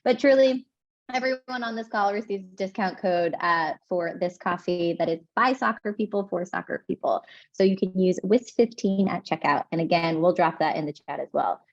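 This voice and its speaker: A woman's voice: fairly low pitch, moderate pace, no echo. Woman reading sponsor notes on a call. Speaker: co-host. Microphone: video call. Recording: dull video call audio.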